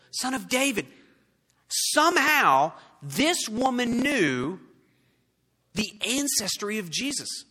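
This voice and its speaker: A high, lively male voice preaching to a congregation, bright and a little husky. He swings from emphatic peaks down to near-whispers. The sound rings with a long hall reverb, as in a large church. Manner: animated preaching, swinging from loud to hushed. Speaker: pastor. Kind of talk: sermon.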